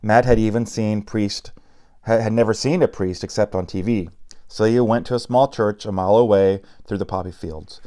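A man reading a novel aloud, unhurried with small slips and personal asides. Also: on the low side, dark tone. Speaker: audiobook reader.

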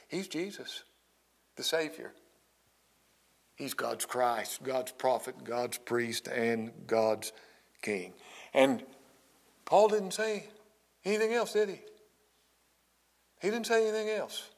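A middle-aged man preaches in a slightly high voice, taking his time over every phrase. He leans hard on key words, then lets his voice sink almost to a whisper after long pauses. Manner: slow, emphatic preaching with dramatic pauses and dropping to near whispers. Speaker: pastor. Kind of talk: sermon.

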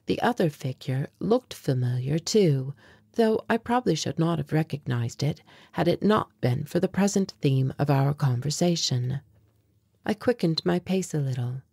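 A woman reading an audiobook in measured, reflective first-person narration. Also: deep voice, lively intonation, gravelly, mellow, breathy edge, dry recording.

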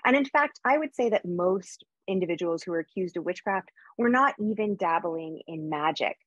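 An American woman historian giving a quick, lively academic lecture with frequent fillers over a video call. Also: fairly low pitch, no room sound, highs cut off. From United States. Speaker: historian giving a conference talk.

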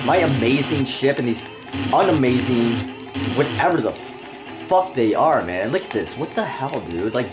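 A young man playing a video game and ranting, irritable and constantly swearing, with game music behind him. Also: medium pitch. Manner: foul-mouthed, irritable, ranting. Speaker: gamer. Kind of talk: profane let's-play rant.

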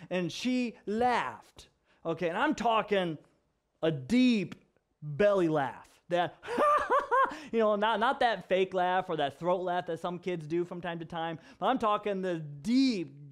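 A young adult man, a pastor, telling stories in an animated sermon that moves from hushed to loud. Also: sits high. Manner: animated storyteller, swings from hushed to loud and laughing. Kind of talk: storytelling sermon.

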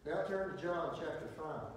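A pastor teaching a Bible study in a folksy, emphatic preaching manner, slowing for dramatic pauses. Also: male voice, on the high side. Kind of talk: sermon-style Bible teaching. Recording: very echoey room heard from a distance with faint noise.

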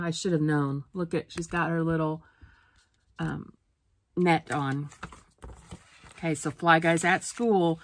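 A woman's voice: low voice, bright, forceful tone, dry recording. A woman teacher reading a picture book aloud for a phonics lesson, sounding out words letter by letter.

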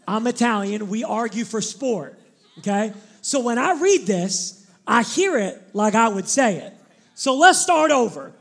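A male pastor preaching a sermon, animated and emphatic, shifting into candid personal stories. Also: very high voice, unhurried, gravelly.

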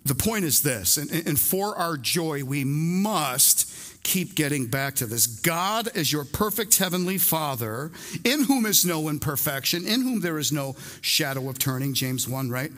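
A man's voice: a little high, expressive, measured pace, a bit bright. A male pastor preaching a sermon to a congregation in an emphatic, conversational way, repeating his key phrases. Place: church service before a congregation.

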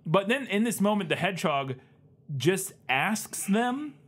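A man's voice: sits high, unhurried, slightly rough. A man co-hosting a comedy film-review podcast, talking in an exasperated way and acting out scenes. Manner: animated, exasperated, acts out scenes. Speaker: podcast co-host. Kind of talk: comedic movie-review chat.

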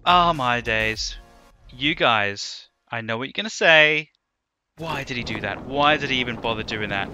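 Guy gaming commentary, rambly and self-roasting, music loud behind. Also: mid-range voice, measured pace. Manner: self-mocking, rambling, exclaims loudly. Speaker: gaming YouTuber. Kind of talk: casual gameplay commentary.

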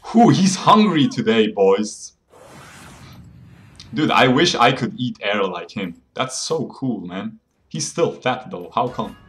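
Young male streamer, playful mock-bragging delivery, average pitch, lots of laughs. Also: big pitch swings, takes it slowly. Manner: boastful, playful, laughs often, calls viewers boys. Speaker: game streamer. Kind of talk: joking live gameplay commentary.

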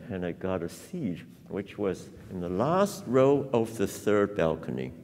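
A low, gravelly male voice unhurriedly reminisces and explains, pausing with fillers and chuckles. He is a piano teacher leading a master class. The sound rings with the long reverb of a large hall. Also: sing-song, a little mellow. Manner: reflective, storytelling with frequent laughs and fillers.

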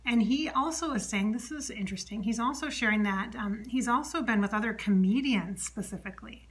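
A woman medium talking alone, chatty, relaying an unseen spirit's words and often dropping to a soft whisper. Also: a little high, fairly quick. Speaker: psychic medium. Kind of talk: solo channeling monologue.

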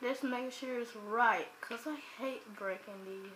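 Woman, high voice, slow delivery, excitable, let's play commentary, talks to viewers. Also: a little hiss or hum. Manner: excitable, bursts into loud exclamations; chats directly to viewers. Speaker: gaming channel host.

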